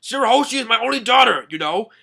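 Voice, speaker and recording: A man voicing a stern merman king who is a protective father, talking loudly and giving commands. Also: high voice, lively intonation, normal speed, pitched above the performer's own voice. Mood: furious. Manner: loud, commanding, shouting threats.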